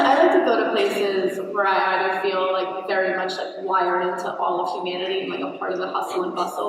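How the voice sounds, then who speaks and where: Woman author rambling, like like like, laughing, recorded from the back of a big echoey hall. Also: on the low side. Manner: rambling, full of "like", laughing often. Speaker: author being interviewed. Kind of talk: casual chat at a live book event. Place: large hall at a live event. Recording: echoey hall, from far off, background noise.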